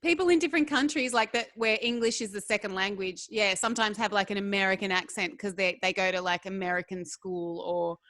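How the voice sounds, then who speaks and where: A woman's voice: mid-range voice, steady tone, fairly quick, hardly any pauses, a bit bright, dry recording, clean studio sound. A woman co-hosting a podcast, chatting casually, laughing often and swearing freely. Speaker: podcast co-host. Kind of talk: casual chat.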